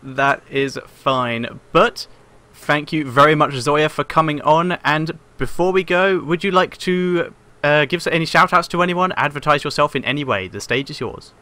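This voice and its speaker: A man's voice: fairly high pitch, moderate pace, bright, forceful tone. A young man hosting a casual show, teasing his guest in an upbeat way. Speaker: show host. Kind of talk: casual chat.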